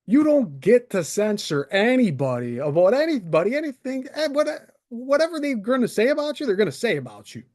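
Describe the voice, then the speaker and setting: Heated, animated man in his thirties ranting. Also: fairly high pitch. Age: 30s. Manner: heated, sarcastic, profane, very animated. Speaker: channel host. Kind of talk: angry solo rant to camera. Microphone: desk microphone.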